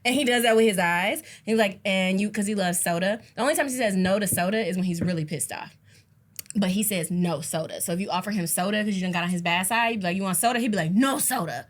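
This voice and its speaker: A woman co-hosting a comedy podcast, talking in a brash, profane, animated way and telling stories. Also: medium pitch, quick pace. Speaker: podcast co-host. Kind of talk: casual comedic chat.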